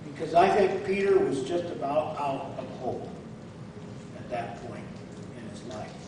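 A man's voice: a little high, expressive, measured pace. A man filling in as preacher, giving a conversational sermon and checking in with his listeners. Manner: conversational, checks in with "all right?"; acts out quoted lines with rising emphasis. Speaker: guest preacher. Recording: very echoey, distant mic, faint noise.

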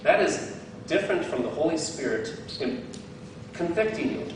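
A man's voice: on the high side, sing-song, moderate pace, background noise. A man preaching a sermon as a guest speaker, candid and self-deprecating, with bursts of laughter. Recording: very echoey hall, heard from some distance.

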